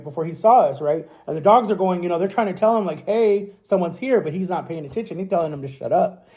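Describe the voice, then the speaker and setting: A man's voice: high voice, warm tone. A man in his thirties telling a story in a loose, rambling way, swearing often and asking "right?" again and again. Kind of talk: casual storytime.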